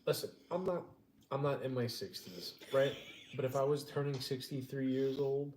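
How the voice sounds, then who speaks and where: A man's voice: mid-range voice, moderate pace, darkish tone. A man co-hosting a casual eating stream, joking and teasing in a laid-back way. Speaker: co-host of a mukbang stream. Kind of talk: casual chat while eating. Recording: echoey room with faint noise.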